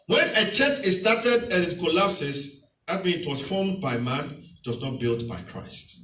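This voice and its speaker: A male pastor preaching to his congregation, teaching verse by verse and coming back to key phrases again and again. His voice sits a little high and swings widely in pitch. He is heard from some distance in an echoey church hall. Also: animated, a little slow, pushed and bright. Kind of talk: sermon.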